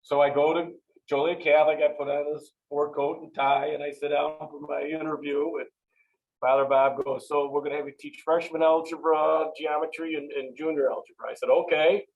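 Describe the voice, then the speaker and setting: Speaking at a normal speed in a gravelly, slightly high voice, a veteran football coach shares stories in an interview. He's animated and acts out the conversations he recounts. The audio is dull.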